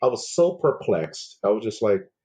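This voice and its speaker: A man's voice: fairly low pitch, big pitch swings, normal speed, a little mellow, breathy edge. A man hosting a podcast in loose, jokey casual chat, calling people "man" and "dude". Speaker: podcast host.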